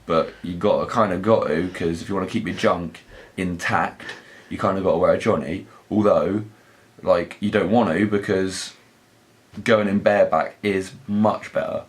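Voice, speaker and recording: A man's voice: deep voice, fairly even intonation, normal speed. A young man, telling crude, sweary, rambling stories in a casual vlog. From southern England. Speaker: vlog host. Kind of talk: casual anecdotal storytelling.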